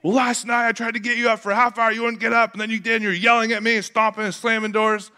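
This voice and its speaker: A man's voice: extremely high pitch, little pitch movement, sharp tone, smooth, pitched above the performer's own voice. A man mimicking an exasperated wife. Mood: reproachful. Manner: reproachful, rapid. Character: exasperated young wife scolding her husband.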